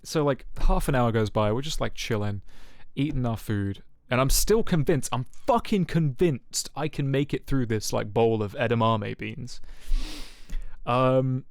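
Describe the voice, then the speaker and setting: A man's voice: medium pitch, measured pace, dry recording, studio quality. A young man streaming, telling a rambling story to his chat with lots of fillers and swearing. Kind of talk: casual chat with viewers. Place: home streaming setup.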